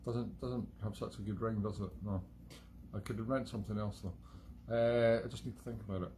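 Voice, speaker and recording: A man's voice: on the low side, steady tone, normal speed, dark tone, a little hiss or hum. Chatty Scottish man rambling to viewers. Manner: chatty, digressive, self-mocking humour. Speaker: host of a live-streamed music show. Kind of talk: rambling casual monologue. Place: at home.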